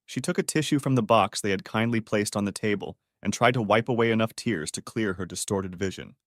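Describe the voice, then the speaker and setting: A man narrating a dramatic family story in an expressive reading. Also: lowish voice, fairly quick, no echo, studio quality.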